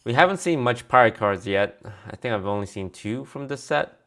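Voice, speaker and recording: A man's voice: medium pitch, animated, moderate pace, a bit bright. A man streaming a card review in casual commentary, reading card text aloud and answering viewers offhandedly.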